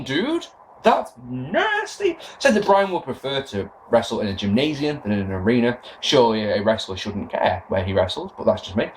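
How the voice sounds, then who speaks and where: A young man with a mid-range voice hosts a wrestling podcast, recapping a show in a casual, sarcastic rant full of swearing and animation. A little hiss or hum sits under the recording.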